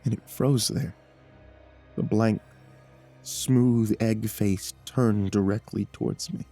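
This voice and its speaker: A man narrating a horror story in a measured, dramatic way, with nervous stammered repeats in the telling. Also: lowish voice, fairly even intonation, mellow. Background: faint background music.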